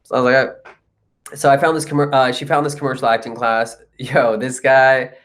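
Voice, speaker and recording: Young guy from india telling a story in an interview, lively, acts out the people he quotes, mid-pitch voice. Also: normal speed. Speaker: guest, comedian and actor.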